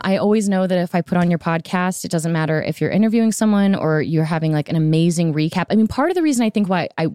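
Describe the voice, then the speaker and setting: A woman's voice: on the low side, mellow, clear, resonant tone, no echo, clean studio sound. A woman in her thirties hosting a podcast in casual, bubbly chat, laughing easily. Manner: bubbly, chatty, quick to laugh. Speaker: podcast host.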